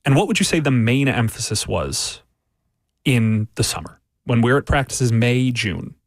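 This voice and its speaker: On a sports radio discussion, a male sports writer guest argues analytically, building his case through repeated phrases. His medium-pitched voice has lively intonation and a measured pace, recorded dry and close in the studio with no room sound.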